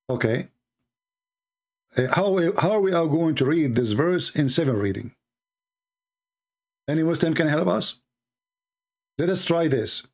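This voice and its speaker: A man's voice: on the high side, animated, normal speed, pauses often, darkish tone. A man giving mocking, polemical commentary as a religious debater, sarcastic and taunting.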